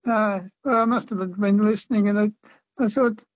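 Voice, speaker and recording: A man's voice: high voice, steady tone, normal speed, no echo. A man calling in to a radio quiz, hesitant and unsure, with many ums. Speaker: caller, quiz contestant. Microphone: telephone. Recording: dull phone line.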